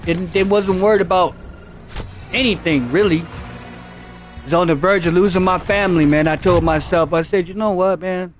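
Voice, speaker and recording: A man's voice: high-pitched, moderate pace, long pauses, faint music behind. A man streaming a game, telling a rambling, profane story and repeating himself as he goes. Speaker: gaming streamer. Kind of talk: casual storytelling while gaming.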